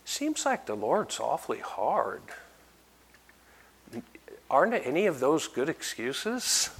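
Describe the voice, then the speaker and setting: Slow-speaking preacher man, rhetorical. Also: a little high, sing-song, slightly rough. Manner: asks the congregation rhetorical questions; builds to loud emphatic peaks. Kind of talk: sermon.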